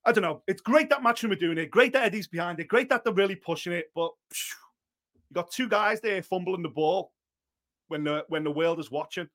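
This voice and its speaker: A man co-hosting a boxing talk show, chatting casually in a blunt, animated way and swearing freely. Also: sits high, brisk. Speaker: boxing podcast co-host. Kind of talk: casual chat.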